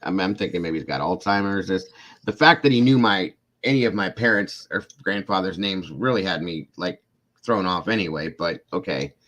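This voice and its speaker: A man's voice: deep voice, moderate pace, slight background noise. A man from Ohio, a podcast guest, telling a long story casually and acting out the people in it. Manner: rambling, animated, acts out the people in his stories.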